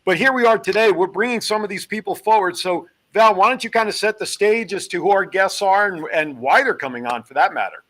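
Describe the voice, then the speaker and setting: A man hosting a live studio talk show, joking and running through announcements in quick, upbeat patter. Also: sits high, bright, forceful tone. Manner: jokey, upbeat, rapid patter. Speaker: host. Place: television studio.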